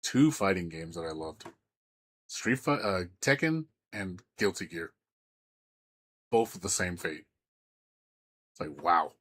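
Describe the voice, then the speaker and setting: A man's voice: deep voice, lively intonation, slow, long pauses, fairly bright tone. A man streaming games, ranting in a heated, profane way with lots of stammering restarts. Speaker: game streamer. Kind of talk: live-stream rant.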